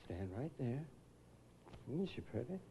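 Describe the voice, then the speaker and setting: A man hosting a live pageant on stage, teasing the contestants with quick jokes as he interviews them. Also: medium pitch, big pitch swings, noisy background. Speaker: pageant host. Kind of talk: joking live pageant emcee.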